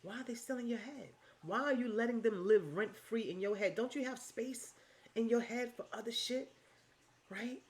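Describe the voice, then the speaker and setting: A woman vlogger giving casual, motivational life advice, emphatic and repetitive, with swearing and endearments thrown in. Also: normal speed. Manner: swings from low and hushed to high and loud.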